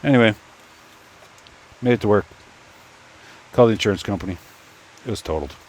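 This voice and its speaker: Recorded on a phone, a man with a fairly low pitch talks fairly quickly as he works on a 3D printer. He's a YouTuber in that niche, telling a casual, rambling, stop-start story mostly to himself.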